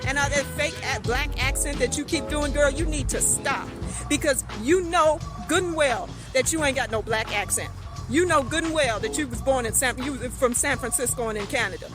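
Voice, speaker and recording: A woman with a high voice scolds and lectures as if speaking straight to her target, circling back to the same points again and again. Clear music plays behind her. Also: normal speed. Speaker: political commentator. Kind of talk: direct-address rant.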